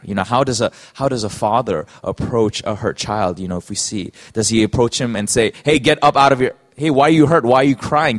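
A man preaching a sermon in an earnest, halting way, often restarting his phrases. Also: on the low side.

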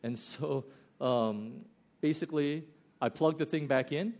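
A man with an American accent preaching a sermon, telling stories with loud bursts and slow, quiet emphasis. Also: fairly high pitch. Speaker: pastor.

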